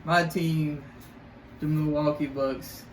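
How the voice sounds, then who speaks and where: A young man hosting a casual podcast, giving eager, quick sports recaps. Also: fairly high pitch, little pitch movement, roomy sound, distant mic, a little hiss or hum. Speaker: podcast host, son.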